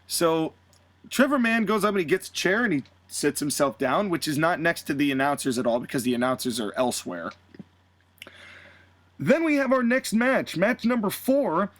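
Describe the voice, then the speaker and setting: Animated high-voiced man telling a story. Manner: animated recounting, quick put-on voices for quotes. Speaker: podcast co-host. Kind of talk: casual podcast storytelling.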